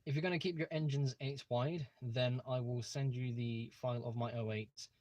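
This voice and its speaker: A man's voice: mid-range voice, steady tone, normal speed, a little mellow, no echo. A young man hosting a casual livestream from a room at home, talking eagerly and rambling with many fillers and restarts. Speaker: livestream host. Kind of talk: casual live-stream chat.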